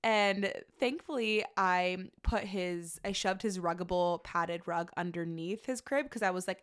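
A woman's voice: mid-range voice, a little slow, hardly any pauses, a bit bright, clear, resonant tone. A young woman, heavily pregnant and a little out of breath, chatting casually and rambling as she hosts her own podcast, laughing often. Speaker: podcast host. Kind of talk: casual solo podcast chat.

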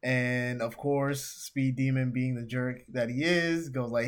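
Brief: relaxed man, casual podcast co-host, hesitant mid-pitch delivery. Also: measured pace, few pauses. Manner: laid-back, hesitant with fillers. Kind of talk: casual chat.

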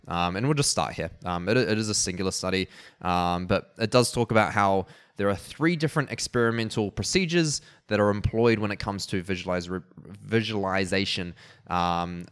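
A man's voice: lowish voice, fairly bright tone, clear, resonant tone. A man hosting a podcast, explaining ideas in a casual, rambling way with many fillers and restarts, and laughing at his own asides. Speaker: podcast host.

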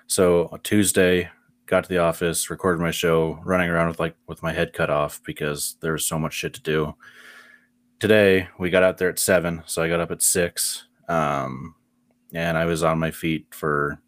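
A man's voice: low-pitched, no room sound. A man co-hosting a podcast in casual chat, rambling with lots of fillers, his voice worn and tired. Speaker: podcast co-host.

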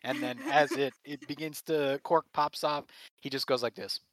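A woman's voice: a bass voice, steady tone, a bit bright, no echo. A woman narrating a tabletop role-playing game as game master, laughing often between turns. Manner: laughs often, quick voices for villain.

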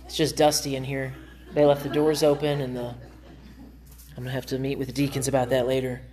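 A man's voice: mid-range voice, level tone, brisk, crowd noise. A man preaching in a church in an earnest, conversational way. He speaks as a pastor, giving a sermon to his congregation. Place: church sanctuary.

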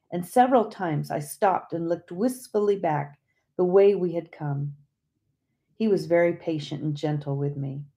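A woman reading an audiobook chapter aloud as scripted narration, in a calm and measured way. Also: low voice. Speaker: audiobook reader.

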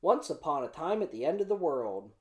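A man's voice: fairly high pitch, sing-song, brisk. A young man hosting his own show, chatting casually and rambling with plenty of fillers as he runs through upcoming releases. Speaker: comic preview host. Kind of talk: casual solo vlog.

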